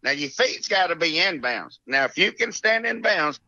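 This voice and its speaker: A middle-aged man from Alabama with a Southern accent, telling rambling, animated stories as a podcast guest. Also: fairly high pitch, moderate pace, no echo, lo-fi sound. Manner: rambling, animated, drawling with frequent laughs and restarts. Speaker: guest, former mini-tour golfer. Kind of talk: casual storytelling.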